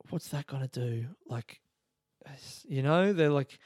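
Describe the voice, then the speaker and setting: A man's voice: mid-range voice, moderate pace, vocal fry, darkish tone, no echo. Guy ranting on his podcast, lots of swearing and laughing, dead dry sound. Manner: swearing, storytelling, quotes others in voices; laughs through his stories. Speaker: podcast host. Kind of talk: casual monologue podcast.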